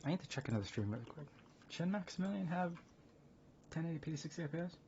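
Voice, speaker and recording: Streaming a card game, a man chats casually with his viewers, rambling between thoughts and laughing hard at chat. His voice is on the high side, animated, fast, warm and a bit breathy. The stream audio is dull and lo-fi with faint noise.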